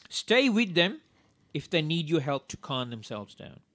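A man co-hosting a radio show, calmly walking listeners through parenting steps and repeating the key points. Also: on the high side, slow, no echo. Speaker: radio co-host. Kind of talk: parenting advice talk.

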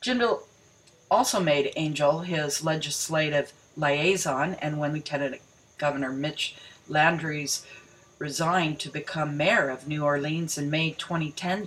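A woman's voice: deep voice, fairly bright tone, slight background noise, low-quality recording. A woman reading news articles aloud and breaking off to mock them, rereading lines for emphasis. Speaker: video commentator.

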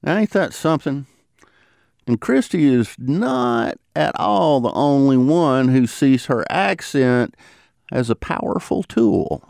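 A man hosting a podcast, narrating in a lively, conversational storytelling manner. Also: medium pitch, takes it slowly, vocal fry, no room sound, studio quality. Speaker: podcast host. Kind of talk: scripted narration.

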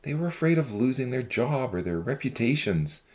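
A woman voicing a gentle, earnest young man who speaks calmly to old friends in a Christian novel reading. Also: a bass voice, moderate pace, voice pushed down.

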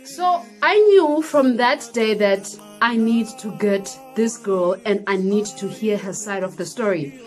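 A young woman vlogger tells a personal story, animated and dramatic, mixing in Xhosa phrases. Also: medium pitch, a little slow, soft background music. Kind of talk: storytime vlog.

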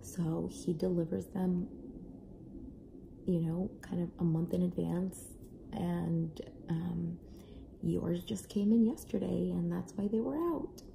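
A young adult mother casually telling a family story to camera, animated, acting out voices now and then. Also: fairly low pitch, takes it slowly, vocal fry, a little hiss or hum. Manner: animated, acts out kids' and own voices. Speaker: parent vlogger.

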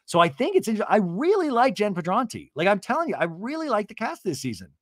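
A man hosting a podcast, recapping a reality show in a chatty, animated way and swearing casually. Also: high voice, fast talker, no echo, studio quality. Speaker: podcast host.

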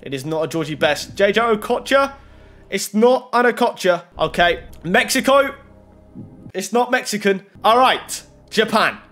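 A man's voice: sits high, unhurried. A young man giving casual running commentary while opening game packs. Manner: running commentary, rising to excited shouts. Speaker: FIFA pack-opening YouTuber.

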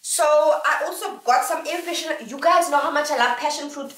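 A woman's voice: high voice, fairly quick, a bit bright, far from the mic. A young South African woman vlogging casually, playful and sing-song as she talks to her viewers. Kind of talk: casual haul vlog. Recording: echoey room, a little off mic.

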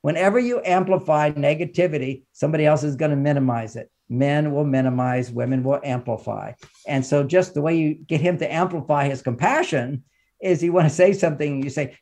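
This man speaks slightly fast in a somewhat high, somewhat mellow voice. As a guest on a podcast, the relationship author and counselor explains and advises with a forceful, instructive style, often breaking into laughter as he talks.

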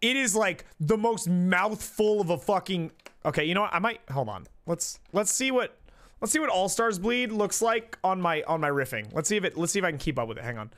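A man chatting on a live stream with a high, bright voice. He rambles, swears freely and keeps breaking off mid-sentence to start over. The sound is close and direct, as from a desk mic. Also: lively intonation, brisk. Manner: rambling, profane, self-interrupting. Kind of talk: casual chat on a live stream.

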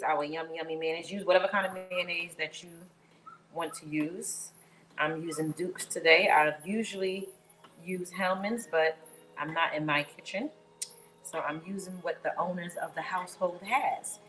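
A woman's voice: lowish voice, a bit bright, echoey room, poor audio. A woman chatting playfully with viewers as she cooks in someone else's kitchen. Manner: playful, sing-song, talks to viewers as y'all. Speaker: cooking vlogger. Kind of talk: casual cooking vlog chat.

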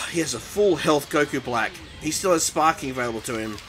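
A young man giving excitable, panicky commentary over his own fighting-game match, taunting his opponent. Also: fairly high pitch, a little fast. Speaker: gaming YouTuber. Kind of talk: live gameplay commentary. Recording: game music behind voice.

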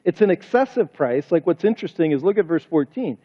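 Recorded in a reverberant church sanctuary with dull, lo-fi audio, a pastor preaches briskly. His voice is on the high side and expressive, and he talks emphatically while rattling off rhetorical questions.

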